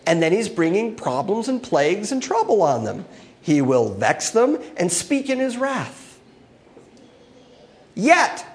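Preaching on a Bible passage, a high-voiced man delivers an expressive sermon. He swings from loud emphasis to hushed asides as he teaches.

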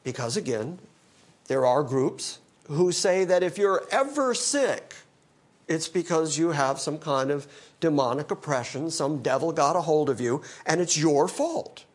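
Man, pastor, lively sermon delivery, dry humor, slightly high voice. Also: a little slow. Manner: animated, quoting scripture in character, dry humor. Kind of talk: expository sermon.

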